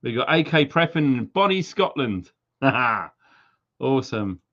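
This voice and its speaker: With a sing-song, fairly bright voice of medium pitch and a measured pace, a Welsh man runs a live stream and reads viewers' names and hometowns. He keeps it chatty and playful, dropping into goofy accents, and the stream's lo-fi sound is a bit dull.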